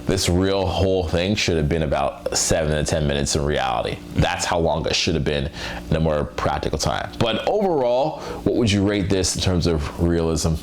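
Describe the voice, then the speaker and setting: A man's voice: low-pitched, moderate pace, a little hiss or hum. A young adult man hosting a casual reaction talk as a dating coach, loose and chatty with many fillers.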